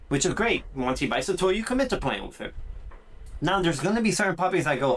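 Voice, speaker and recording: A man hosting a podcast and giving casual training tips. He talks in an animated way and acts out what owners and puppies might say. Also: fairly high pitch, quick pace. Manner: animated, acts out puppy and owner voices, says "dude" and "transparently speaking". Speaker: dog trainer and podcast host. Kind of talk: casual instructional podcast talk.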